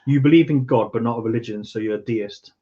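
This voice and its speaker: A man's voice: mid-range voice, fast, mellow, muffled recording. Dry man explaining on podcast. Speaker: podcast co-host. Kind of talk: casual chat.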